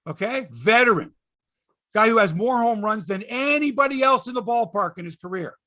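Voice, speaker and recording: A middle-aged man hosting a sports podcast, ranting in an exasperated, emphatic way, swearing for emphasis and swinging between loud outbursts and low mutters. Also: expressive, normal speed. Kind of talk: ranting sports commentary monologue.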